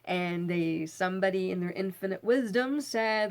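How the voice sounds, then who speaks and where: A tired woman in her thirties tells a creepy personal story straight to the camera. She talks casually and jumps in voice whenever she quotes people, going bright and high for the chatty ones and low for her own dread. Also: normal speed. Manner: animated, acts out quotes with voice changes. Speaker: vlogger.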